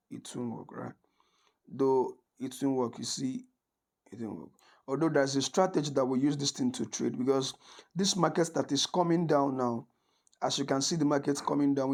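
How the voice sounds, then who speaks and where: A man's voice: mid-range voice, vocal fry. A man giving a screen-recorded trading tutorial, talking casually and checking in with listeners by asking "right?" and often restarting his sentences. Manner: conversational, checks in with frequent "right?"; restarts and corrects himself often. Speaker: forex trading instructor.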